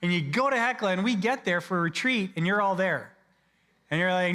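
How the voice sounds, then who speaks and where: A man's voice: high-pitched, a little fast. A man, a pastor preaching a sermon in a casual, conversational way and acting out people's lines. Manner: conversational, acts out people's lines in lively asides. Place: church sanctuary. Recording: long church hall reverb.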